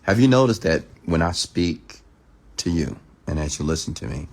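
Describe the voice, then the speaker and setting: Hosting a late-night live stream, this man reads viewers' comments aloud and answers them in an animated voice that sits low. He deliberately alters his pace and tone, sometimes dropping into a measured, anchor-like delivery.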